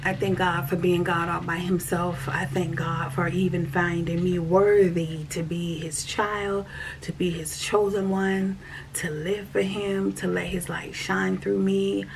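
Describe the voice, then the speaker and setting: A woman giving a casual spoken faith check-in, earnest and repetitive, sometimes dropping to a soft whisper. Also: lowish voice, level tone, a little slow, creaky. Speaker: vlogger sharing a faith check-in. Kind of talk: casual spoken testimony to camera. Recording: faint background noise.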